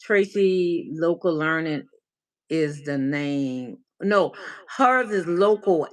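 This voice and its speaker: A woman's voice: lowish voice, animated, slow, rough recording. A woman life coach hosting a casual livestream check-in. She is playful and chatty, answers viewers by name, calls them baby and mixes in encouragement and faith talk.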